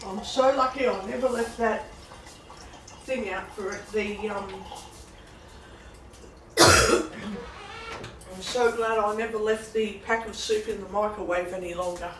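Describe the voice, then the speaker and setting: A woman's voice: mid-range voice, steady tone. A woman venting angrily about her frustrations while making food in her kitchen, swearing and repeating herself. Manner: angry, swearing, slow repetitive venting. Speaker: vlogger. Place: kitchen at home. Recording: roomy, distant, noisy background.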